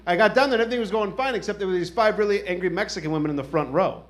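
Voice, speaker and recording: Stand-up comic, man, higher-pitched voice, casual and profane storytelling. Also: rapid-fire. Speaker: stand-up comedian. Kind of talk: stand-up comedy set.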